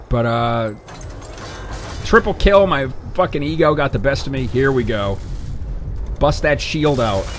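A young man giving casual, sarcastic commentary over his own shooter gameplay, swearing and breaking into excited outbursts. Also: mid-range voice, a little slow, pauses often, slight background noise.

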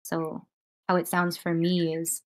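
A woman with a slightly low voice talks a group through a breathing exercise. She speaks casually and calmly, filling her sentences with "like". She is heard over a video call mic with noise cancelling. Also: a little slow. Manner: casual, calm guiding talk with many filler likes. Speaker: breathwork and voice teacher.

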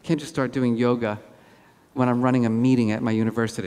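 A man giving a lively conference keynote, telling animated self-deprecating stories on stage. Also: mid-range voice, fast, clear, resonant tone. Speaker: keynote speaker. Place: large auditorium. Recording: hall reverb.

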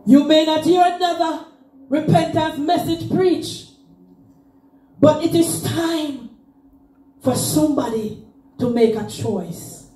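Fervent high-voiced woman preaching in church. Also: takes it slowly, pauses often, dark tone. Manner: fervent, chanting and crying out in rising sung phrases. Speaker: pastor. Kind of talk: Pentecostal sermon. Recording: roomy church sound from far off.

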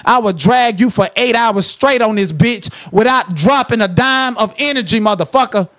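High-pitched guy ranting on his livestream, cussing everybody out, kinda sing-songy at times. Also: moderate pace, a bit bright. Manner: profane, confrontational, trash-talking; drifts into sing-song asides. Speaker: commentary channel host. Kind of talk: livestream commentary rant.

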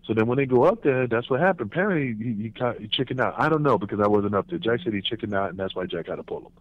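Animated storytelling man on a phone line. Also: mid-range voice, very fast, no echo. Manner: animated, profane, acts out quotes in raised voices. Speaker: guest, former pro wrestler. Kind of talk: casual storytelling interview. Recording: tinny phone line, dry.

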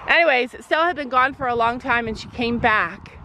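A middle-aged mother vlogs casually while standing outdoors beside a horse near a road, rambling through her story with plenty of fillers. Her voice is a little high, bright, and forceful, and she talks briskly; the low-quality recording has slight background noise.

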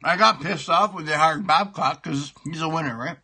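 A middle-aged man from Toronto, Canada hosts a comic sports show, ranting profanely while eating pie and repeating himself. His voice is fairly high, husky, bright and forceful, at a moderate pace.

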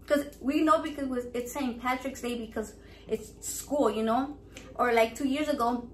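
Recorded in an echoey room with faint background noise, this casual vlog chat features a woman running a raffle. She's loud, profane and playful, flipping between English and Spanish in a slightly high voice.

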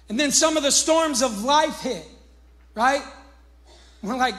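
A male pastor preaching a sermon, swinging between hushed reflection and shouted emphasis. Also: very high-pitched, normal speed, low-quality recording. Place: church.

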